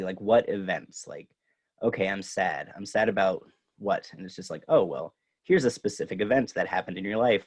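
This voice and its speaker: A young man hosts his own podcast in a relaxed, agreeable way. His voice sits a little low, and his talk is loose, with plenty of fillers as he builds his points. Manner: casual, agreeable, many fillers. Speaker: podcast host. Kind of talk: casual interview chat.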